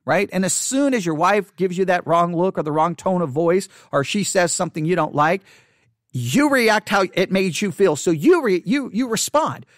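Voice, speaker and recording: High-voiced, emphatic male pastor. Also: no echo, clean studio sound. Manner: emphatic and repetitive, drops to a hush for quoted thoughts. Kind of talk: sermon-style catechesis teaching.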